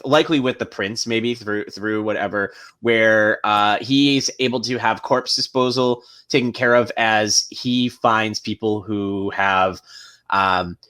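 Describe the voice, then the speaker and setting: A man's voice: medium pitch, steady tone, takes it slowly, a bit bright, clear, resonant tone. A man chatting casually as a player in a tabletop game, rambling with many restarts.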